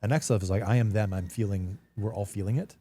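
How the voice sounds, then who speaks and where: A man with a low, mellow voice talks through his thoughts on a podcast. He sounds earnest and reflective and often restarts mid-sentence as he looks for the right words. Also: quick pace. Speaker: podcast guest. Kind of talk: casual conversation.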